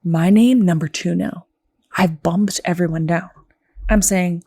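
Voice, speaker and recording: A woman's voice: fairly low pitch, steady tone, measured pace, mellow, breathy edge, dry recording, studio quality. A woman co-hosting a comedy podcast, telling a story in a chatty way full of "like". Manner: chatty, peppered with "like". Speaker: podcast co-host.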